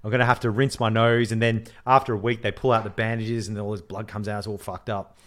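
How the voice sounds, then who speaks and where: A man's voice: fairly low pitch, fast. A man, co-hosting a podcast in casual, laughing banter. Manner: animated, swearing, laughing banter. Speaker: podcast co-host. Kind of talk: casual chat.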